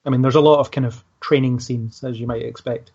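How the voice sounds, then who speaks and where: A man's voice: medium pitch, fairly even intonation, fast, darkish tone, husky. A man hosting a casual film discussion, easygoing and hesitant, talking things through with fillers. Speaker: podcast host. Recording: dull lo-fi podcast audio.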